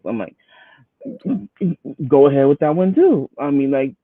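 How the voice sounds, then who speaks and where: A man's voice: mid-range voice, big pitch swings, a little slow, dry recording. A man in casual podcast commentary, chatty and prone to stammered restarts. His voice comes through thin and phone-like, with a dry, close sound and no room around it. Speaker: podcast co-host.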